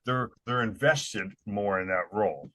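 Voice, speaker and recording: A man's voice: lowish voice, measured pace, pushed and bright, dry recording. A man hosting a casual podcast chat, talking in a blunt, opinionated way with some swearing. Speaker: podcast host.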